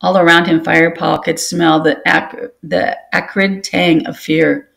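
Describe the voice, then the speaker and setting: Book club reader reading a novel out loud, steady, bit of vocal fry, restarts sometimes. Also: mid-range voice, a little slow.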